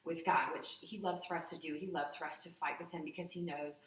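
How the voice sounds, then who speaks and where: A woman's voice: sits low, a little fast, recorded from a distance, slight background noise. Woman telling a candid, heartfelt story in an echoey room. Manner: candid, heartfelt, animated retelling with acted-out quotes. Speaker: guest telling a personal story. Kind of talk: emotional personal storytelling.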